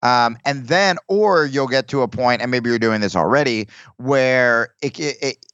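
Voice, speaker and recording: A comedian guest talking in casual podcast chat, rambling with restarts and acting out quoted lines. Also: male voice, mid-range voice, measured pace, fairly bright tone, smooth, no room sound, lo-fi sound.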